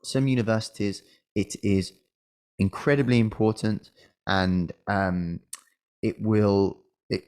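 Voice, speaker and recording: A man's voice: lowish voice, steady tone, slow, long pauses, a little mellow. A middle-aged man, a medical school admissions coach, giving casual advice with frequent restarts and an occasional cough. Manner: conversational, hesitant with restarts and fillers. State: coughing, slightly unwell.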